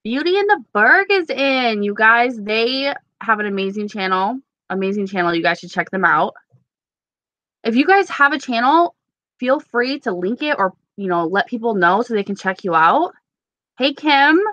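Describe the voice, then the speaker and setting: A woman's voice: fairly high pitch, expressive, normal speed, bright, forceful tone, no room sound, muffled recording. A young woman hosting a casual live stream with a sore, stuffy throat, chatting with viewers and answering them by name. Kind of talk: casual live-stream chat reading comments.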